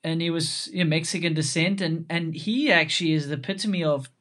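Podcast host, man with a slightly high voice, relaxed reminiscing tone. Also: a little fast. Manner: warm tribute, reminiscing. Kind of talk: casual interview chat.

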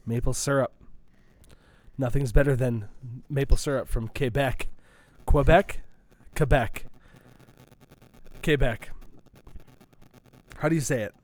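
A man's voice: medium pitch, unhurried, long pauses, a little mellow, dry recording. A man with a Minnesotan accent co-hosting a casual chat while tasting sodas, chatty and playful. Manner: chatty, playful, laughs easily. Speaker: co-host.

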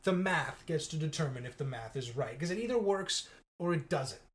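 A man co-hosting a casual podcast, talking in a sarcastic, incredulous way and quick to mock ideas he finds absurd. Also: a little high, expressive. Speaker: podcast co-host.

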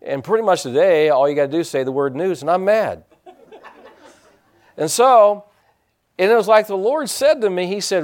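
Lively, animated male pastor preaching. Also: on the high side, normal speed, long pauses. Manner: folksy, rambling, with asides to the congregation. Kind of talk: sermon. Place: church sanctuary with a congregation.

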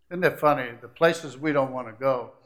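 Man preaching a sermon, loud and soft swings. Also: medium pitch, moderate pace. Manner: preachy, swings from loud climaxes to quiet asides. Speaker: pastor.

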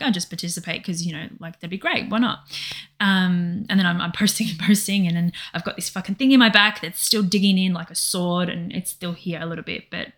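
A woman co-hosts a podcast, her voice lowish and a little bright. She chats casually about personal matters, rambling and emotional, and often quotes herself.

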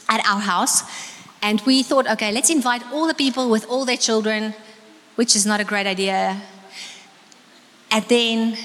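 A middle-aged South African woman preaching a sermon, telling lively stories and slipping into Afrikaans. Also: a little high, long reverb tail. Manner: lively storytelling, switching into Afrikaans. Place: church hall.

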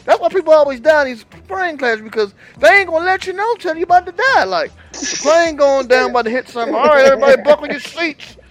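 A man co-hosting a podcast, telling an animated, profane story in casual chat. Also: extremely high pitch, fast. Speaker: podcast co-host.

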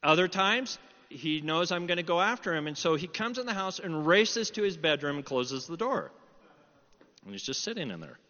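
Middle-aged male pastor, animated storyteller, bright tone, long hall reverb on a muffled recording. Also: on the high side, moderate pace. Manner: animated storytelling, quoting dialogue. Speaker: preacher. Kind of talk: sermon with personal story. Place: church hall.

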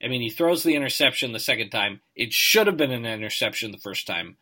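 A man's voice: mid-range voice, lively intonation, quick pace, pushed and bright, breathy edge. A man with a nasal voice co-hosting a sports podcast, analytical and hedging, often tagging "right?". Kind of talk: casual chat.

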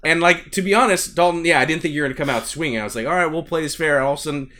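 A man co-hosting a casual podcast chat, telling a rant with swearing and loud bursts. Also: fairly high pitch, very fast. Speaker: podcast co-host.

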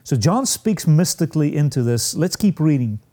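A man preaching a sermon, slow and emphatic, with dramatic pauses and rising peaks. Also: fairly high pitch, sing-song, mellow.

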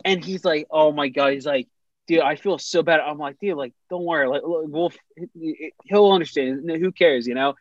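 A man's voice: a little high, moderate pace, no echo, lo-fi sound. A young man casually telling a funny story on a podcast, rambling with many restarts and laughing as he goes.

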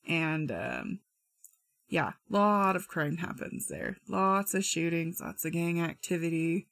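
A woman's voice: fairly low pitch, slow, gravelly, a bit bright, no room sound. A woman from Utah casually telling a true crime story with chatty asides and slang.

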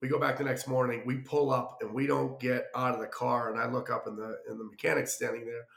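A man's voice: medium pitch, quick pace, vocal fry. A man telling a long travel mishap in a casual, rambling way, acting out what people said. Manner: rambling, animated anecdote with acted-out quotes. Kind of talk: casual storytelling. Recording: roomy echo.

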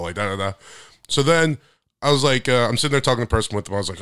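A young man co-hosting a podcast, telling stories in a casual, animated way that gets loud and high when he is worked up. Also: racing, smooth, dry recording, clean studio sound. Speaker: podcast co-host. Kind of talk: casual chat.

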